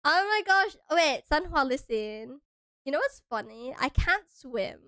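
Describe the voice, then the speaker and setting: A woman's voice: sits high, sing-song, a little slow, pushed and bright, dry recording, clean studio sound. A young woman from Hawaii chatting casually on a stream, bubbly and giggly, sometimes breaking into squeals.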